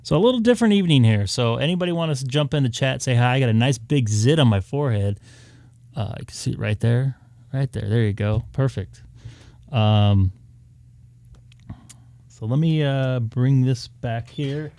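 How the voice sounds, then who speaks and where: A man from southern California hosts a casual live stream, musing aloud as he searches for gear. His voice is mellow and dark, picked up dry with no room sound. He wanders between thoughts and fills pauses with ums. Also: mid-range voice, expressive, no echo. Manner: rambling, thinking aloud with many fillers. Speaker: ham radio live streamer. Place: home room upstairs.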